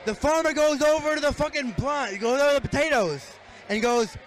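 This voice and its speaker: A man with a very high voice tells a joke on a city street, acting out each voice and animal noise with relish. A busy crowd chatters around him outdoors. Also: brisk. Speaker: passerby telling a joke.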